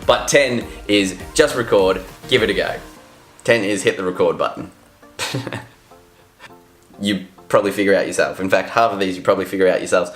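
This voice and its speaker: A man's voice: deep voice, moderate pace, long pauses. Chatty upbeat man, roomy sound. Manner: chatty, upbeat, laughs at himself. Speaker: vlogger giving voiceover tips. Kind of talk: casual tips vlog. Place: room with couches and chairs. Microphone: studio microphone, standing. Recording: roomy echo, faint music.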